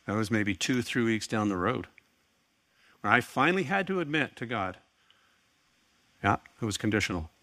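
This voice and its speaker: A man's voice: medium pitch, very animated, moderate pace, sharp tone, no room sound. A middle-aged man preaching a sermon, telling a personal story with earnest, wry asides. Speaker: pastor.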